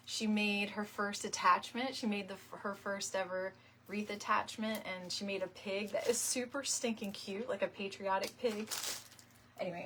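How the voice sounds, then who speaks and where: A woman's voice: medium pitch, a bit bright, a little hiss or hum. A woman, chatting casually and laughing often as she makes a wreath live and greets viewers by name. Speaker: wreath-making live stream host. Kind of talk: casual chat while crafting on a live stream.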